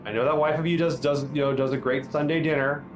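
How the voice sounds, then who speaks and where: A man's voice: fairly high pitch, fairly even intonation, quick pace, over music, natural voice. A man voicing a fussy, chatty older male tailor who pleads and fusses over his customers. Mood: fussy pleading.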